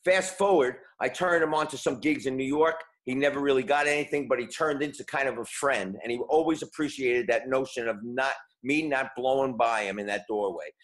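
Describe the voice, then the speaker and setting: A man's voice: medium pitch, brisk, hardly any pauses, low-quality recording. Man in his 60s telling long stories. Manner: rambling, repeats words, acts out quotes. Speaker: guest musician. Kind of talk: storytelling interview talk.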